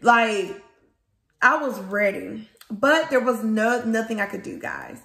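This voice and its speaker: A woman who runs a small business, from Louisiana, telling viewers a storytime in a casual, animated way and calling them guys and y'all. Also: fairly high pitch, slow pace, vocal fry. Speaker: small business owner vlogger. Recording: echoey room.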